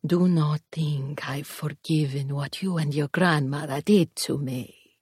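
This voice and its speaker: A cruel male demon taunts in a slow, gravelly drawl, as a woman narrator puts him on. The voice sits low and husky, with soft hissed words, close and dry like a storybook reading. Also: fairly even intonation, dry recording. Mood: menacing. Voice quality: low gravelly breathy menace. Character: cruel sneering male demon, mocking his brother. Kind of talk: audiobook character voice.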